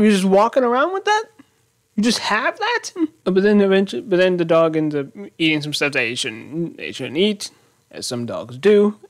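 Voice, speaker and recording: A man's voice: a little high, dry recording, clean studio sound. Rambling man recapping a TV episode. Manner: rambling, animated, thinks aloud. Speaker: YouTube show host.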